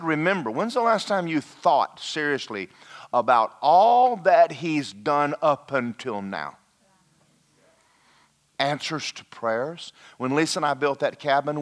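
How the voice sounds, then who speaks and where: A middle-aged man preaching a sermon, telling folksy stories and swinging between loud calls to the crowd and hushed, emotional passages. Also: medium pitch. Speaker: pastor.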